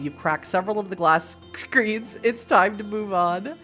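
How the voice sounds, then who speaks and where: A woman's voice: medium pitch, unhurried, sharp tone, soft background music. A woman reading an interactive story aloud on a stream, with playful, self-mocking asides. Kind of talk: playful live-stream narration.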